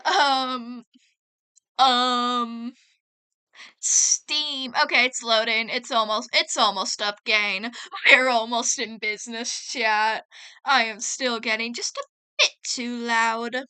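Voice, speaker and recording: A let's play gamer with a high, bright, smooth voice talks unhurriedly through a gameplay session in casual commentary. Chatty and giggly, she keeps addressing her chat while faint game music plays behind her.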